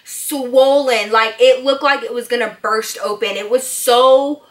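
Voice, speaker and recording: A woman vlogger telling a dramatic personal story in a casual, animated way, full of "like" and "you guys". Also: fairly high pitch, unhurried. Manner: animated, fillers like 'like' and 'you guys'. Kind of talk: storytime vlog.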